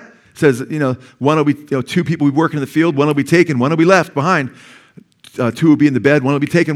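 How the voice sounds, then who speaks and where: A man preaching a sermon as pastor, conversational and excitable, with casual asides to the congregation. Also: fairly high pitch, quick pace.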